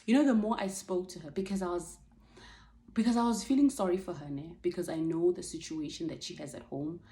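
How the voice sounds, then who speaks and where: Mellow-voiced woman vlogger. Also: fairly low pitch, brisk. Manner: animated, emphatic storytelling. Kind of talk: casual storytime monologue.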